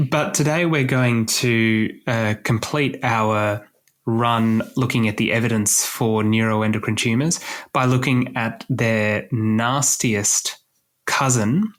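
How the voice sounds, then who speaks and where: A man co-hosting an oncology podcast, explaining topics in a measured way with dry jokes. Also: on the low side, a bit bright. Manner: measured, explanatory, dryly joking. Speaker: podcast co-host. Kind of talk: casual medical podcast chat.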